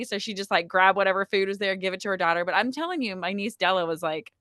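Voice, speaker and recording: A woman with a bright, clear voice tells a personal story in a relaxed podcast chat. She is animated and talkative and fills her sentences with "like" and "um". The sound is close and dry. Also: medium pitch, fast, no room sound. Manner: chatty, frequent "like" and "um" fillers, animated retelling. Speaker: podcast guest telling her birth story. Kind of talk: casual conversational storytelling.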